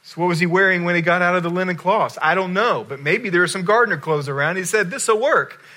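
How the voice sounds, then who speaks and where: Bright-voiced pastor preaching a sermon. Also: male voice, high-pitched, quick pace, a little hiss or hum. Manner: storytelling, with swings between loud emphasis and hushed lines.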